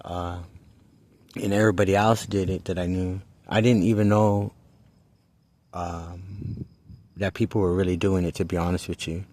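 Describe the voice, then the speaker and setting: A middle-aged man telling a personal story in a casual, rambling way, halting often and swearing freely. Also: deep voice, level tone, a little mellow, dry recording.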